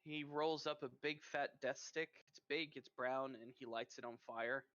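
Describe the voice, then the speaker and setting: A man with a Norwegian accent narrating a tabletop game as game master in a lively storytelling manner. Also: mid-range voice, normal speed, clean tone, no room sound. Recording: muffled lo-fi mic.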